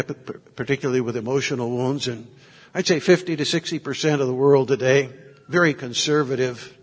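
A man's voice: mid-range voice, slightly rough, big-room sound. A man, a Catholic priest, giving a sermon, reflective in manner and telling stories from his ministry. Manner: reflective storytelling, moving in and out of quoted voices. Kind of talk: sermon with anecdotes.

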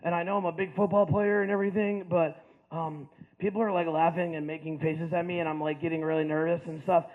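A man voicing a big, slow-witted, nervous teenage football player who talks haltingly with ums and uhs. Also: a little high, flat delivery, pitched below the performer's own voice, lightly acted. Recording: tinny phone-like sound.

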